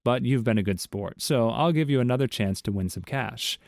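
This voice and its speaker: A man's voice: mid-range voice, normal speed, vocal fry, darkish tone, dry recording, clean studio sound, lightly acted. A man voicing a cocky male barroom hustler, breezy and persuasive.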